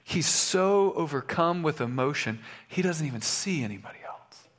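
A man's voice: a little high, expressive, normal speed, big-room sound. A male pastor preaching a sermon in a conversational way, with fillers and restarts, in a church sanctuary.

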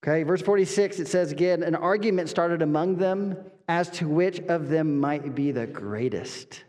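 A man's voice: fairly high pitch, normal speed, a little mellow. Earnest, emphatic male preacher in a hall. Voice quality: earnest, emphatic, with repetitions and rhetorical questions. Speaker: pastor. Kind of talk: expository sermon. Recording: long reverb of a hall.

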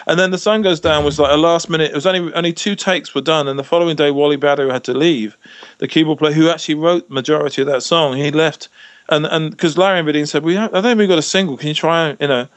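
A man's voice: fairly high pitch, fairly even intonation, quick pace, dry recording. A man who is a musician guest, telling stories in a casual interview over a video call, with lots of restarts. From England. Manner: chatty, lots of restarts and "you know".

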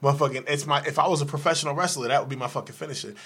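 A man's voice: on the high side, racing, pushed and bright, breathy edge. A man co-hosting a casual chat show, telling profane stories and acting out other people's voices. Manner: profane, laughing, acts out voices in anecdotes. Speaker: co-host.

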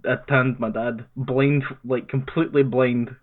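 A young Scottish man on a podcast, telling a relaxed, sweary, wry story. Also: mid-range voice, a little slow. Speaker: podcast co-host. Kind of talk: casual storytelling chat. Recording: tinny phone-like line.

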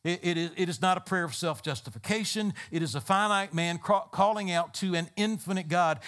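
A man's voice: high-pitched, brisk, hardly any pauses, a bit bright. A man preaching a sermon as a pastor, building emphatic repeated phrases. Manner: emphatic, repetitive preaching cadence.

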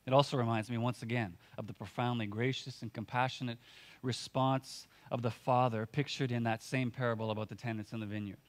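A man's voice: medium pitch, steady tone, fairly quick. A man preaching a sermon as pastor, earnest and conversational, often using filler words and restarting his sentences.

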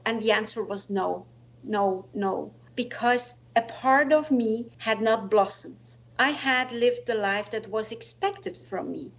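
A woman's voice: a little high, lo-fi sound. A woman in her forties, a guest telling a personal story in earnest, reflective talk full of "you know, like". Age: 40s. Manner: earnest, reflective, slightly non-native phrasing with "you know, like".

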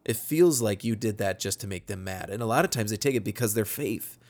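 Low-voiced man giving earnest practical advice. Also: fairly quick, darkish tone. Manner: earnest, practical, acts out short sample dialogues. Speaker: podcast co-host advising church workers. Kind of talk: casual instructional podcast talk.

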